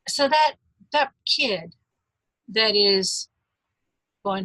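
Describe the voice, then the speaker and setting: A woman in her fifties, a life coach giving a webinar, earnest and gentle, speaking straight to her listeners. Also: medium pitch, a little slow, dry recording, low-quality recording.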